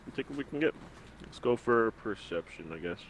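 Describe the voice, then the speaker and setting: A young man chats through a tabletop game session, joking and laughing as he plays. His voice is mid-pitched over a faint hiss of noise. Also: lively intonation, fairly quick. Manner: joking, crude, laughs often. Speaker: player. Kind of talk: casual game chat.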